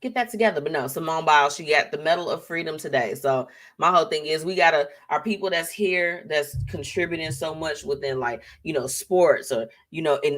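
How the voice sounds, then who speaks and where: A woman hosting a live show, chatting casually, reading out viewer comments and laughing often. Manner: animated, laughing, swinging pitch, slangy asides. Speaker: host.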